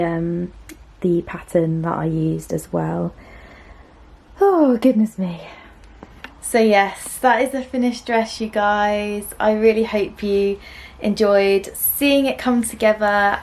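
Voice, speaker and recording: Young woman, home sewing vlogger, gentle and chatty with soft laughs, talking straight to camera. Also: mid-range voice, gravelly. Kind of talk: casual chat to camera. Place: small room at home.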